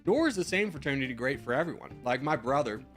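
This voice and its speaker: A streamer in his twenties chats casually in a very animated, fast, mid-range voice over soft background music. Answering viewer messages, he gives rambling advice peppered with slang and the odd swear.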